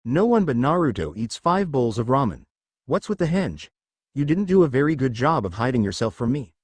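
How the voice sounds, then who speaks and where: A sly, self-assured older ninja with a smooth, breezy manner, as a male narrator reads his lines. The voice swings up and down in lively pitch. It is recorded close and dry, with no room sound. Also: fairly quick, no room sound. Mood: teasing.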